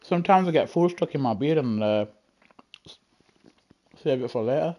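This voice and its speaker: A man chatting casually on a gaming live stream through a headset, effusive and excitable as he gushes at his viewers. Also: medium pitch, moderate pace, a little hiss or hum. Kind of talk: casual live-stream chat while racing.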